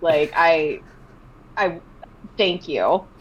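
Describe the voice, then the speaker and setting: Woman, animated casual storytelling, muffled lo-fi audio. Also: extremely slow, slightly rough. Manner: animated, acts out quotes in a high excited voice. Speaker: artist guest.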